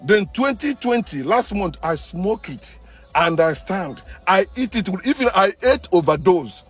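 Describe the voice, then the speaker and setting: A man with a high voice preaches his point hard, hammering the same phrases over and over and restarting mid-sentence. Faint music plays underneath him. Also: very animated, measured pace, breathy edge. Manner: forceful, preachy, repeats himself, stumbles and restarts. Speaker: online commentator. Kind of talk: impassioned monologue.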